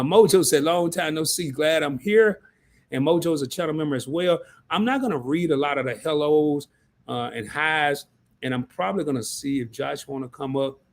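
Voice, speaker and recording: A man hosting a live stream, chatting loosely in slang and reading out viewer messages. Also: a little high. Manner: loose slangy talk, reads out chat messages. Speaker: livestream host. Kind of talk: casual livestream chat.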